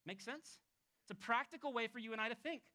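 A man who is a pastor, preaching a conversational expository sermon to a congregation, moving between emphatic raised points and soft, hushed passages. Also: extremely high pitch, fast talker. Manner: storytelling, acting out quoted people.

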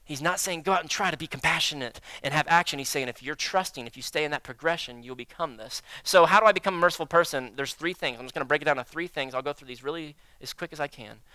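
A man preaching a sermon, acting out prayers and inner dialogue with God, swinging between loud emphasis and hushed, slow phrases. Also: a little high, clean tone, dry recording. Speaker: pastor.

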